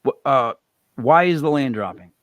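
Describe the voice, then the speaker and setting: A man hosting a podcast in casual chat, animated and swearing freely. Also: medium pitch, normal speed, dry recording. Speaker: podcast host.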